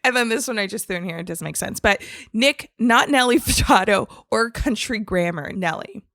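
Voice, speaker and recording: A woman's voice: mid-range voice, lively intonation, normal speed, a bit bright, no echo, studio quality. A woman co-hosting a podcast, chatting casually in an upbeat way and laughing often. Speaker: podcast co-host. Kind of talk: casual chat.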